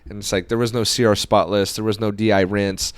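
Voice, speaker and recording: Smooth-voiced man telling a podcast story. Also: fairly low pitch, fairly quick, dry recording. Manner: animated storyteller who acts out quoted dialogue. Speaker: podcast host.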